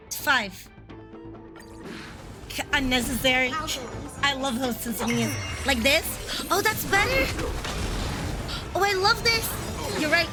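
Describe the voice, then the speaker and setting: A woman streamer giving live game commentary, excitable and profane, blurting out reactions. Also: high-pitched.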